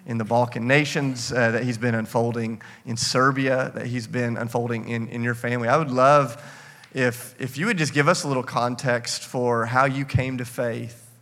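A man with a mid-pitched voice asks gentle, halting questions as co-host. His voice carries a long hall reverb. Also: fairly even intonation. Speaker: co-host interviewer.

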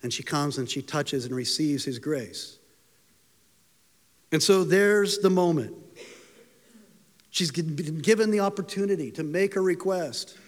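A man's voice: lively intonation, measured pace, long pauses. A man preaching a sermon and retelling a story, lifting his voice when he acts out the people in it. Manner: storytelling, voices quoted lines with rising pitch. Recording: long hall reverb.

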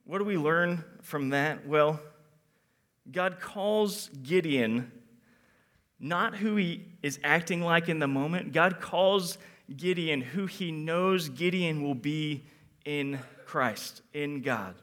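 A man preaching an animated sermon to young people in a bright, forceful voice that sits a little high. He acts out quotes and swings between loud emphasis and quiet reflection. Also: takes it slowly.

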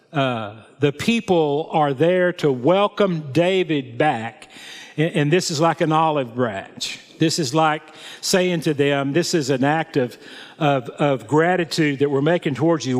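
A man preaching a sermon in a slow, measured way, his voice set a little high for a man. He reads scripture aloud and then applies it. A long reverb hangs behind him, as in a large hall. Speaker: pastor.

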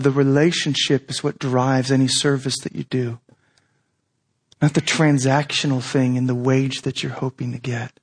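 A man preaching a sermon as pastor, conversational and animated, often asking rhetorical questions. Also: mid-range voice, moderate pace, slightly rough.

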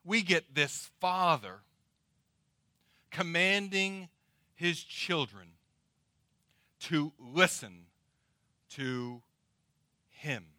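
A middle-aged man preaching a sermon, dramatic and swinging between loud emphasis and hushed, drawn-out words. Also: on the high side, lively intonation, no room sound, studio quality. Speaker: pastor.

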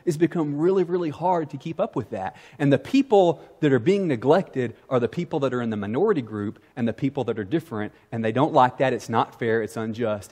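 A man preaching a sermon as pastor, animated and acting out quoted voices. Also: medium pitch, husky.

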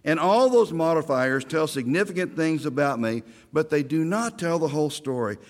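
A man's voice: a little high, animated, normal speed, in a large hall. A middle-aged man from Oklahoma, a pastor giving a sermon, telling stories with self-deprecating humor.

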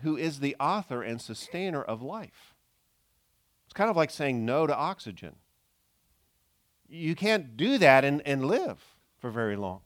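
A man preaching a sermon in an earnest way, moving between loud emphasis and soft, low asides. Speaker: pastor.

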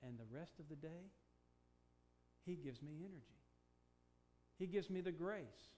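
An older man preaching a sermon, moving from quiet, reflective talk to slow, emphatic declarations. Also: fairly high pitch, expressive, slight background noise. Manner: preaching, swings from hushed to emphatic, stretched slow phrases. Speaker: pastor.

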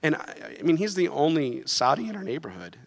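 A man telling a lively personal testimony in church, laughing as he recounts the story. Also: fairly high pitch, a little fast, gravelly. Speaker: guest sharing a testimony. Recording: long reverb of a large hall.

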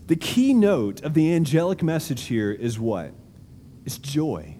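Slow, emphatic preacher in a hall. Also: male voice, fairly high pitch, big pitch swings, warm tone, a little hiss or hum. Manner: emphatic, slow deliberate preaching with dramatic pauses. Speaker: pastor. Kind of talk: sermon. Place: large auditorium.

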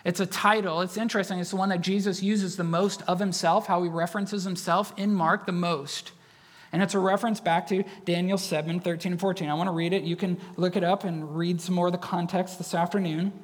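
A man's voice: sits high, fairly even intonation, brisk. A male pastor preaches a sermon in a loose, conversational way. He restates his points and keeps asking the congregation questions. His voice rings out with the long reverb of a church hall.

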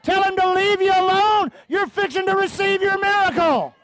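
Fervent high-voiced male preacher. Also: moderate pace. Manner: fervent, calls out to the congregation; reads scripture aloud. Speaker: pastor. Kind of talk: sermon.

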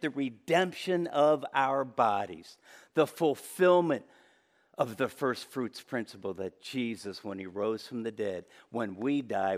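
A pastor preaches an impassioned sermon, his voice swinging between loud, high peaks and low, quiet passages.

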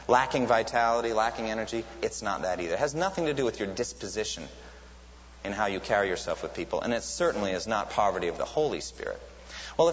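Man preaching in a reverberant hall. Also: medium pitch. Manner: earnest teaching tone, rises sharply when quoting cries. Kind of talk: sermon. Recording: lo-fi recording with long hall reverb and faint hiss.

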